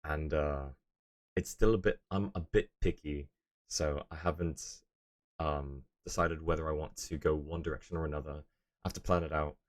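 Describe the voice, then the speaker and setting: A man's voice: extremely low pitch, steady tone, normal speed. A young man streaming live, chatting casually and rambling as he answers his viewers' messages.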